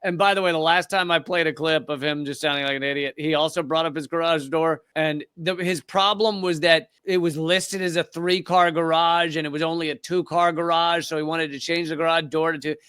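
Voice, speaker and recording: High-voiced sarcastic man reacting to clips. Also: steady tone, a little fast, few pauses, fairly bright tone, smooth, dry recording, studio quality. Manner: sarcastic, laughs often. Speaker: commentary podcast host. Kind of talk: casual reaction commentary.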